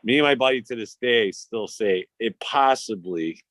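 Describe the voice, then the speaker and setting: A man's voice: mid-range voice, expressive, normal speed, a bit bright, no room sound. A man, telling stories in casual, profane, rambling chat as a podcast host. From Chicago. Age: 50s.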